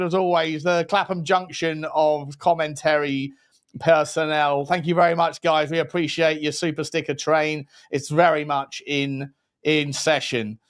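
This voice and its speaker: A man's voice: on the high side, smooth. A man co-hosting a live football podcast, playful and chummy as he thanks viewers. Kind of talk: casual live-stream chat with viewer shout-outs.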